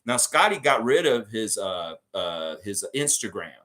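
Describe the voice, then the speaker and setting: Animated excitable man, fan podcast host. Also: lowish voice, a little slow. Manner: excitable rambling storyteller. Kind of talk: casual fan commentary.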